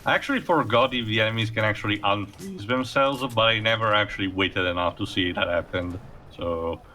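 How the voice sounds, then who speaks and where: A man's voice: fairly low pitch, brisk, bright, forceful tone. A man hosting a let's play, rambling through gameplay commentary with many fillers.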